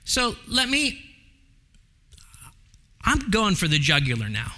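A man preaching a sermon as pastor, animated, with big swings from excited highs to hushed lows and the odd filler. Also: slow.

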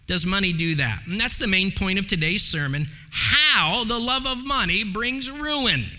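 A male pastor delivers an emphatic sermon in a bright, high, animated voice that swoops up and down. He takes his time, slowing to press each point home. The sound carries a long reverb from the church hall. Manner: emphatic, preacherly, varies pace for stress. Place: church sanctuary.

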